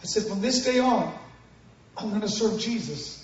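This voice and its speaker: Man telling his testimony from the pulpit, lively, shouty at times, dull muffled sound, big echo. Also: high voice, normal speed. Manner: animated storytelling, bursts into shouts, banters with the audience. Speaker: guest preacher giving testimony. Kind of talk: sermon testimony to a congregation. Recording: echoey hall from far off, dull sound.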